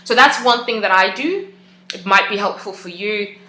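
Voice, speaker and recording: Bright-voiced woman talking casually, echoey room. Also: mid-range voice, moderate pace. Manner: conversational, hesitant, many fillers and restarts. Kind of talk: casual personal talk.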